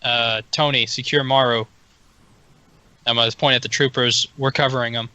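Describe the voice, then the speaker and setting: A man's voice: medium pitch, fairly even intonation, normal speed, sharp tone, dry recording, muffled recording. A man playing a tabletop role-playing game, giving orders for his character. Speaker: player. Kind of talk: casual tabletop play.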